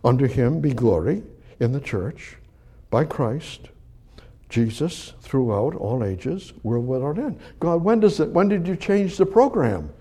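A man's voice: medium pitch, sing-song, unhurried, warm tone, slightly rough. A man preaching a sermon in a church, reading Bible verses and asking God rhetorical questions. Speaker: pastor. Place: church service.

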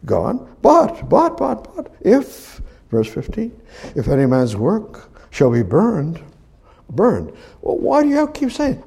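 A man preaching a sermon, reading scripture aloud and commenting on it, swinging from loud emphatic rises to hushed near-whispers. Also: high-pitched, wildly swooping pitch, takes it slowly, creaky, husky. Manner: reads scripture aloud and comments between verses.

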